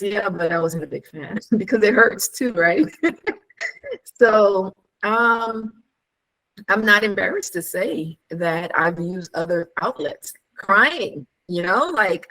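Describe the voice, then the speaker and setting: A woman in casual chat, telling stories with animated energy, acting out quoted dialogue, laughing often and asking rhetorical questions. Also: medium pitch, measured pace, rough recording.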